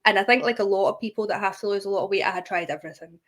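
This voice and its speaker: A woman's voice: medium pitch, racing. A young woman, a guest creator in a casual interview, friendly and laughing often as she explains. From United Kingdom.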